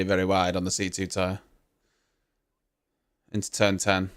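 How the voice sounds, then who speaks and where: A man's voice: sits low, completely flat delivery, unhurried, long pauses, fairly bright tone, clean tone. A man hosting a live stream, giving casual reaction commentary with chatty, teasing banter and casual swearing.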